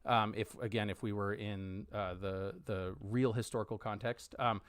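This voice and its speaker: A man narrating a tabletop role-playing game as game master, halting, with many ums and restarts. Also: on the low side, steady tone, smooth, no echo.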